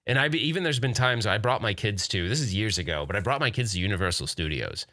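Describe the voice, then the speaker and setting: This man, also a forties podcast host, has a fairly low, sharp-toned voice with lively intonation and a quick pace. He laughs frequently while loosely working through listeners' live chat questions, captured in clean studio sound with no room noise.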